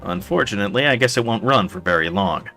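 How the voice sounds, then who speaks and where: A man's voice: fairly low pitch, expressive, fast talker, bright, forceful tone, faint music behind. A man streaming a game, playfully reading its dialogue aloud with jokey asides. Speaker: let's play streamer.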